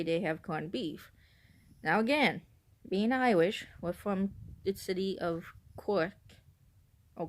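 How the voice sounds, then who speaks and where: A woman from northern Illinois talking casually to camera in a vlog. She rambles, keeps correcting herself, giggles often and admits to being nervous on camera. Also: fairly low pitch. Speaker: vlogger.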